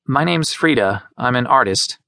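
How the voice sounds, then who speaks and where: Guy narrator doing a shy young woman artist in an audiobook, soft and dodgy, bit higher, bright dry sound. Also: animated, normal speed, creaky, no room sound. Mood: evasive.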